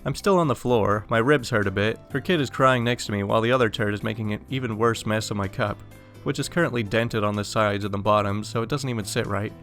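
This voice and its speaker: A man's voice: on the low side, fast, fairly bright tone, faint music behind. Young man reading a story aloud. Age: young adult. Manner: casual, exasperated storytelling. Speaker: story narrator.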